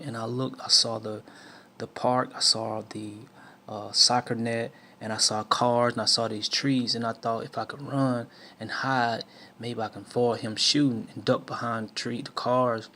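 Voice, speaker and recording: A man's voice: medium pitch, gravelly, pushed and bright, slight background noise. A man from the southern United States telling a personal testimony in a preaching tone, with many restarts and fillers. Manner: storytelling with many restarts and fillers, acts out quotes. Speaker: speaker sharing a life lesson.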